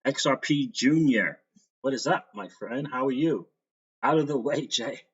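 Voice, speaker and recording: Male streamer, relaxed chatty host voice, slightly muffled home-mic audio. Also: medium pitch, unhurried, slightly rough. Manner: reads out viewer names and greets them, laughs often. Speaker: crypto livestream host. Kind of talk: casual livestream chat.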